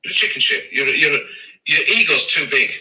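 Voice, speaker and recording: Man ranting on a livestream, very bright tone, a touch off-mic, foul-mouthed and stammering. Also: mid-range voice, animated, fairly quick, recorded from a distance, a little hiss or hum, rough recording. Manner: swearing, trading insults, stammering restarts. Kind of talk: heated livestream rant. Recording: voice a bit off-mic.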